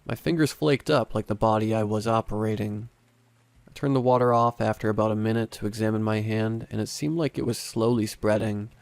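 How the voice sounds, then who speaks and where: Man, horror story narration, lowish voice, dry close sound, measured and dramatic. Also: steady tone, creaky, a little mellow, dry recording. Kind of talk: scripted first-person horror narration.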